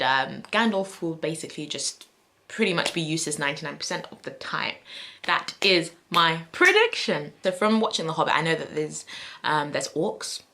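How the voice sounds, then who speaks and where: A woman's voice: deep voice, pushed and bright. Rambling young woman vlogging. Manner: rambling, thinks aloud with many fillers and self-corrections. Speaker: book vlogger. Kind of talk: casual chatty predictions to camera.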